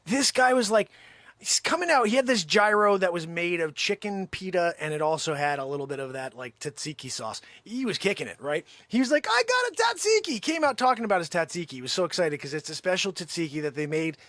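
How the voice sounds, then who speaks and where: Bright, lively comic male host. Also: a little high, a little fast, no echo. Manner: animated, exaggerated storytelling. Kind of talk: comic monologue.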